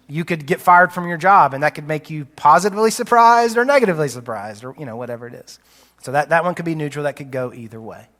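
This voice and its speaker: A male pastor preaching a sermon, conversational and teaching, with quick asides, recorded live in a church auditorium on a stage mic. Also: high voice, pushed and bright. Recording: live church hall reverb.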